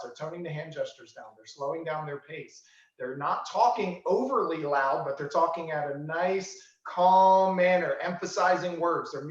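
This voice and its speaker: Fairly high-voiced male co-trainer, roomy audio. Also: fairly bright tone. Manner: explanatory, builds on the lead trainer's points. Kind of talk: training session over video call. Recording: roomy muffled lo-fi call audio.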